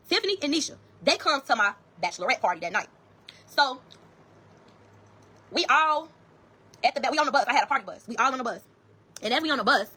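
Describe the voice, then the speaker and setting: A woman with a Chicago accent telling a story to viewers, blunt and profane, acting out the dialogue. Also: sits high. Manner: blunt, profane, animated retelling with quoted dialogue.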